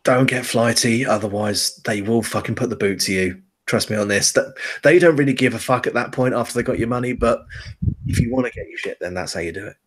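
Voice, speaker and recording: A man's voice: mid-range voice, animated, fairly quick, a little hiss or hum, natural voice. A man voicing a streetwise male drug contact, blunt and crude. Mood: gruff, blunt. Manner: crude, swearing, matter-of-fact.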